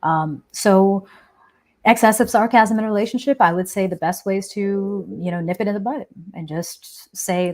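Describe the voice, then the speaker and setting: A woman's voice: mid-range voice, moderate pace. A woman hosting a live Q&A, giving advice in a casual, frank and chatty way, often checking in with "right?". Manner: frank, expressive, explanatory. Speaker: host answering viewer questions. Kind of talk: live-stream Q&A advice talk.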